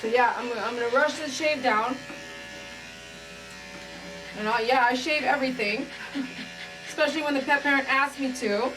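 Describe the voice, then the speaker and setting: Woman groomer, earnest casual vlog talk, higher voice, clipper noise behind. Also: normal speed, pauses often. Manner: emotional, heartfelt, says "man" often. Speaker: dog groomer. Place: grooming salon.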